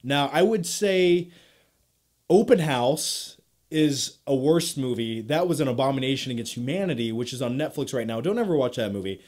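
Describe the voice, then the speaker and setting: A man's voice: medium pitch, lively intonation, normal speed, a little mellow. Chatty man hosting a movie vlog. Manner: chatty, upbeat and self-deprecating. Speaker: YouTube movie reviewer host. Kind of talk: casual Q&A vlog.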